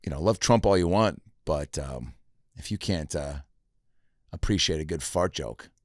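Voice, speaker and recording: Low-voiced male podcast host, chatty. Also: lively intonation, measured pace, no echo, clean studio sound. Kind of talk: casual podcast chat. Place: podcast studio.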